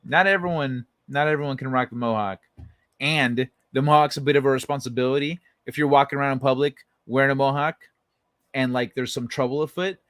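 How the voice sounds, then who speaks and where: A man's voice: mid-range voice, fairly bright tone, no room sound. A young man hosting a late-night livestream, chatting with his viewers and telling stories in a loose, profane way. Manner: loose, profane storytelling, reads chat aloud, laughs often. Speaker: livestream host. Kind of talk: casual chat with live chat.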